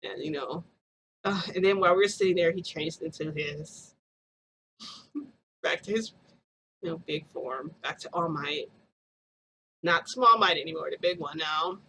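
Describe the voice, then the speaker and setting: A woman's voice: low voice, a little slow, long pauses, bright, forceful tone, slight background noise. A woman vlogger telling a story to her viewers in a chatty, gushing way, often giggling and calling them "guys".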